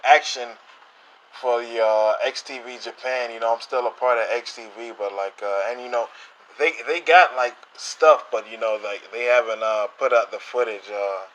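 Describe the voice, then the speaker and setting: A man voicing a laid-back male veteran wrestling announcer on a phone call, rambling and halting. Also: medium pitch, fairly even intonation, a bit bright, close to an everyday voice.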